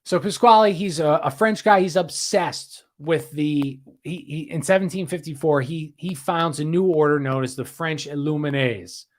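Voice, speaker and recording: A man's voice: a little high, moderate pace, hardly any pauses. A man hosting a casual livestream history podcast, rambling, repeating himself and reading out viewer comments. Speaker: podcast host.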